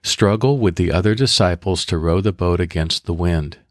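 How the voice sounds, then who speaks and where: A man with a deep, low voice leads listeners through prayer and a guided scripture meditation. He speaks in measured, deliberate steps. The recording is close and dry, with no room sound. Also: no echo. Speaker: podcast host leading guided prayer.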